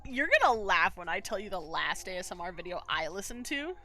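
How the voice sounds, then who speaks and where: A young woman streamer chatting casually on a live art stream, telling animated stories and acting out quotes. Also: lowish voice. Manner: animated, quick storyteller who acts out quotes.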